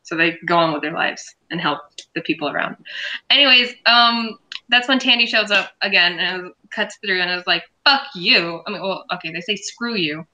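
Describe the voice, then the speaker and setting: A woman hosting a casual recap chat, animated and swearing freely as she retells the plot. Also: on the low side, normal speed, poor audio. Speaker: show host and reviewer.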